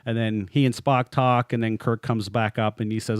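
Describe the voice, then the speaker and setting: A man's voice: fairly low pitch, level tone, moderate pace, clean tone, no room sound, clean studio sound. Chatty, laughing male podcast co-host. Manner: chatty and joking, laughs often mid-sentence. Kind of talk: casual podcast chat.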